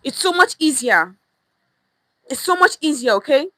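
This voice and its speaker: A woman's voice: sits high, big pitch swings, moderate pace, pushed and bright, no echo, rough recording. A woman teaching pidgin phrases on a live stream, emphatic and repetitive, often checking in with "okay?", at times out of breath. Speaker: pidgin language coach.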